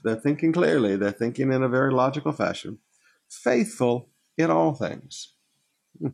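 A pastor teaching a sermon, reading scripture verses aloud and then explaining them in plain, direct words. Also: male voice, medium pitch, vocal fry, darkish tone, slightly rough.

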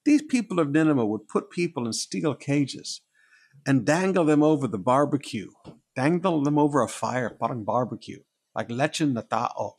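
Pastor preaching, gravelly husky voice, pitch jumps all over, repeats himself a lot. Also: male voice, moderate pace. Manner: animated preaching, repeats phrases for emphasis. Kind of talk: sermon.

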